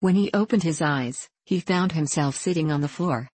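Low-voiced woman reading a storybook. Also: moderate pace, darkish tone, husky, no echo. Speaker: audiobook narrator.

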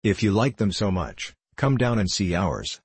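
A man's voice: on the low side, very animated, a little slow, slightly rough, no room sound, full character voice. A man voicing a courteous, well-bred teenage boy in a storybook reading. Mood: friendly. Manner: courteous and warm. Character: polite, lonely rich teenage boy.

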